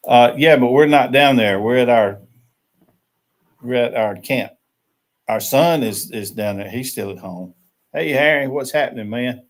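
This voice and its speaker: A man's voice: mid-range voice, unhurried, long pauses. An older man, chatting and joking easily as host of a casual live stream from a rural camp.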